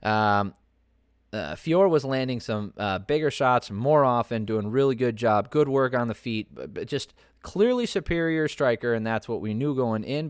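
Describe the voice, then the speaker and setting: A man's voice: medium pitch, no room sound, studio quality. A man hosting a podcast, giving a casual, rambling breakdown of fights with profane asides and lots of filler words. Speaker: podcast host.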